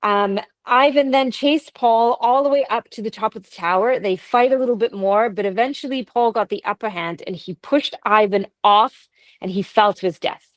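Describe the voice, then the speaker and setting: A woman's voice: on the high side, moderate pace, no room sound, low-quality recording. A Canadian woman co-hosting a podcast, telling ghost stories in a casual, chatty way with laughs and asides. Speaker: podcast co-host. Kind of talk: casual chat, storytelling.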